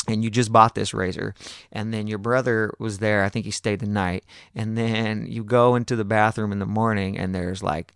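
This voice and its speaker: This is a man on the lower side of pitch, clear and resonant, recorded dry with clean studio sound. Hosting a podcast, he rambles through a long story with lots of swearing and lively impersonations of others.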